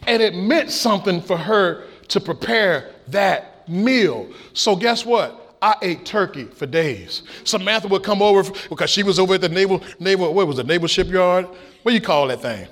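A middle-aged man preaching a sermon, with shouted peaks and folksy stories. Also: high voice, animated, moderate pace. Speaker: pastor.

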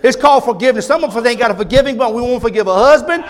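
A male pastor preaching a fervent sermon, swinging between loud, emphatic repetition and hushed, intimate moments, with folksy asides to his congregation. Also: extremely high pitch, animated, very fast.

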